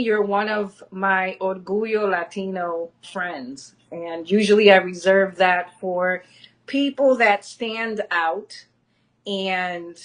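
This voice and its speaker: A woman hosts a casual podcast interview. She talks at a slow, deliberate pace in a mid-range voice. She fills her pauses with soft ums as she introduces her guest. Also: mid-range voice. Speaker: podcast host.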